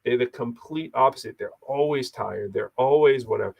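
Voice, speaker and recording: A man's voice: medium pitch, normal speed, vocal fry, a little mellow. A man co-hosting a podcast, chatting casually and animatedly, telling stories with quoted voices. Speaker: podcast co-host. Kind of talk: casual chat.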